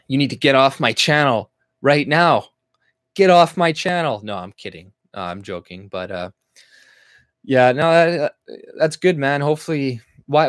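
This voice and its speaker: A man's voice: on the low side, no echo, clean studio sound. A Canadian man hosting his own channel, ranting bluntly and profanely on a livestream while reading viewer comments, with lots of fillers and restarts. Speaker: YouTube channel host.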